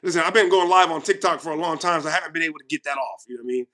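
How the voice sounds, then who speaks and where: A channel host with a voice on the high side rants at his viewers at a racing pace. He's heated and confrontational, lurching between loud outbursts and quiet asides.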